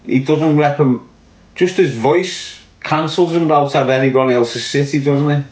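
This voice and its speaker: A man's voice: a little high, measured pace, darkish tone. Blunt, sweary Liverpool man. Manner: blunt, sweary, emphatic, repeats points. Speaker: podcast commentator. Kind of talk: opinionated podcast rant. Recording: echoey room.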